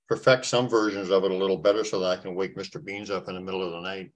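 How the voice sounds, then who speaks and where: A man's voice: deep voice, steady tone, rapid-fire. Stammering, joking male host. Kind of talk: casual chat.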